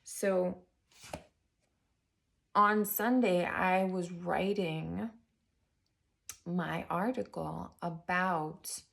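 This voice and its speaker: A woman's voice: lowish voice, fairly even intonation, very slow, creaky, long pauses, a bit bright. A woman giving a casual, enthusiastic tarot reading and spiritual chat, talking straight to her viewers. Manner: chatty and enthusiastic, addressing viewers as guys; drops to a whisper while turning cards. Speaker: tarot reader and spiritual coach.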